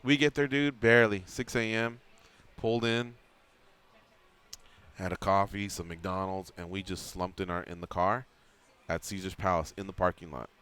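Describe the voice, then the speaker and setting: Smooth-voiced man telling a story. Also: low-pitched, normal speed, long pauses. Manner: animated storyteller acting out quotes. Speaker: radio show host. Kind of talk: casual radio chat. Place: radio studio.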